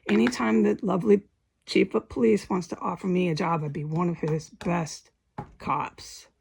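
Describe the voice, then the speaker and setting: A woman's voice: fairly low pitch, fairly even intonation, moderate pace, gravelly, darkish tone, slight background noise. A woman giving an emotional first-person account of a frightening confrontation, repeating herself, swearing and acting out what people said. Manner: emotional, repetitive, swears, acts out quotes. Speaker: vlogger giving personal testimony.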